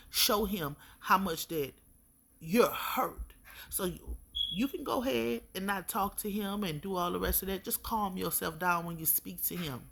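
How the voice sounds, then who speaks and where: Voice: medium pitch, vocal fry, a bit bright. A spiritual reader giving an intuitive reading straight to the viewer, with blunt, preachy advice, calling the listener baby and checking in often.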